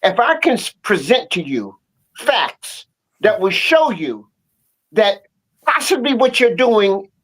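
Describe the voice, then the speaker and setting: A man's voice: high voice, very animated, slow pace, fairly bright tone. A man guesting on a talk show, a teacher who speaks emphatically and tells proverbs and folk tales in a casual, repetitive way. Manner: emphatic, proverb-telling, repeats himself. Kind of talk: casual storytelling chat.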